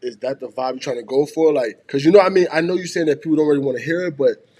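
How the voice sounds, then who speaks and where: A man hosting a podcast in a casual chat, laid-back and agreeable, often trailing off into quiet asides. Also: on the high side, rapid-fire. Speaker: podcast host.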